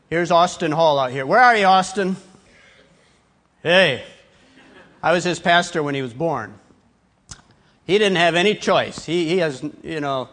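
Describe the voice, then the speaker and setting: A middle-aged man preaching a sermon with a fairly high voice. He drops to a hushed, soft tone for personal stories, then builds to loud, emphatic preaching. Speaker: pastor.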